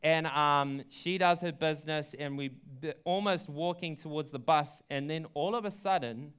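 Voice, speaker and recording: A man's voice: on the high side, moderate pace, fairly bright tone, clean tone. A young adult man, a pastor, telling a story in a sermon in a chatty way, with many ums and likes. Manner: chatty, frequent ums and likes, laughs at his own story.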